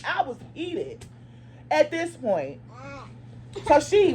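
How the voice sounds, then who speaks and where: A woman vlogger telling a story to her viewers in a casual, animated, emphatic way, cursing freely and calling her audience y'all. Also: high voice, measured pace.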